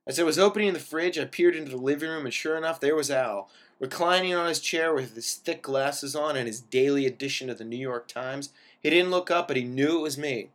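A man's voice: on the high side, a little fast, a bit bright. A man reading a first-person story aloud in a wry manner, lingering over descriptive words.

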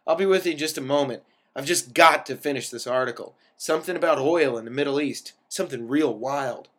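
A man's voice: mid-range voice, brisk, a bit bright, lightly acted. A man voicing a lonely, pompous man with an affected brogue and a histrionic way of talking. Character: lonely, pompous man who hoards his orange juice.

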